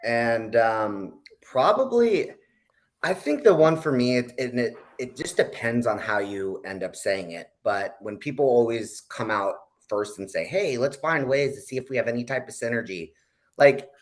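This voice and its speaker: A man's voice: mid-range voice, lively intonation, moderate pace. Easygoing man thinking aloud. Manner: easygoing, hesitant restarts. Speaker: panel guest. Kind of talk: casual panel talk.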